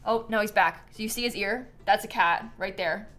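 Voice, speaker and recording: A woman's voice: medium pitch, moderate pace, hardly any pauses, a bit bright. A young woman streamer chatting casually while playing a game, tired and yawning, with lots of ums and likes and frequent laughs. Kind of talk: casual live-stream gameplay chat.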